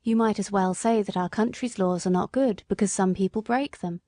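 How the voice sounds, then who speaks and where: A woman's voice: medium pitch, moderate pace, dark tone, dry recording, clean studio sound, lightly acted. Woman voicing a humble, earnest cabman. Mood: firm. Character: earnest, humble working-class male cabman.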